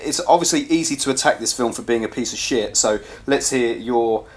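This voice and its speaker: A man's voice: mid-range voice, fairly quick. A man hosting a film review podcast, ranting about a movie and swearing heavily in casual chat.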